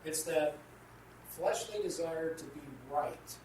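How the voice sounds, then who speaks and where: A man's voice: a little high, slow, a little mellow. A man co-hosting a Christian radio talk about marriage, explaining with everyday examples in an earnest way. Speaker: co-host teaching a Christian marriage class. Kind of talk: casual radio discussion. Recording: echoey room, distant from the mic, noisy.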